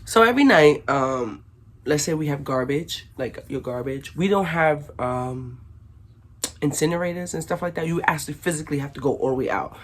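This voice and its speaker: A woman telling a casual storytime to her viewers, slangy and animated, acting out what everyone said. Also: low voice, normal speed. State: recovering from illness. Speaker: vlogger.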